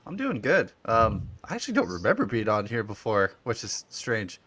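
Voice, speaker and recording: A man's voice: lowish voice, wildly swooping pitch, normal speed, fairly bright tone. A man talking as a panel guest, modest and hesitant, often restarting. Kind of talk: casual livestream panel chat.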